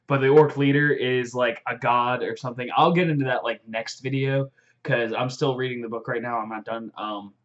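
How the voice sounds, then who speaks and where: A young man excitedly recapping a fantasy novel in a rambling vlog, full of fillers and swearing. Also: mid-range voice, normal speed. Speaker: vlogger. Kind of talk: casual book recap. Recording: dull lo-fi audio.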